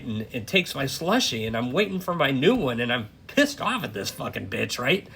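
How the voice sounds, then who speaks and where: A man rambles through a dream he had, swearing freely as he goes. His pitch swings up and down as he recounts it. A faint hum sits under the recording. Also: moderate pace, gravelly, hardly any pauses. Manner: profane, rambling, animated. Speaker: storyteller. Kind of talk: casual dream retelling.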